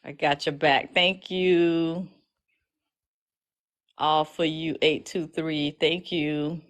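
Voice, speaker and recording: A woman's voice: low voice, level tone, drawn-out words. A woman speaking, casually chatting to her followers on a livestream, emotional and full of restarts. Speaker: legal educator streaming live.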